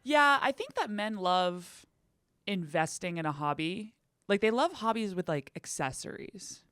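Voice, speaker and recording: A woman co-hosting a podcast who chimes in with wry, deadpan jokes and the odd swear. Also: mid-range voice, a little slow, clear, resonant tone, no room sound, studio quality. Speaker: podcast co-host. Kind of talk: casual chat.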